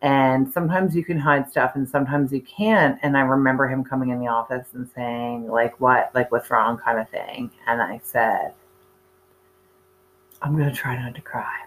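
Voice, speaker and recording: A woman's voice: very deep voice, fairly even intonation, normal speed, hardly any pauses, slight background noise, poor audio. A woman, in her thirties or forties, candidly telling a personal story in a chatty way with many fillers and restarts. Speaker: speaker sharing her cancer story.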